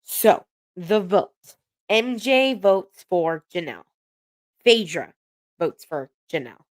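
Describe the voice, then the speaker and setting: A woman's voice: fairly low pitch, big pitch swings, slow pace, dry recording, studio quality. A woman casually recapping a reality show episode, gossiping, swearing freely and laughing as she retells the scenes.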